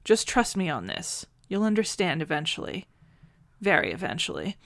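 A woman voicing a brisk, affectionate time-travelling woman who talks quickly and fondly. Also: on the low side, big pitch swings, gravelly, a bit bright, no room sound, heavily acted. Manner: brisk and fond.

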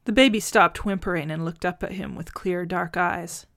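A woman reading fan fiction aloud in a gentle, measured narrating voice. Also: lowish voice. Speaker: audiobook reader.

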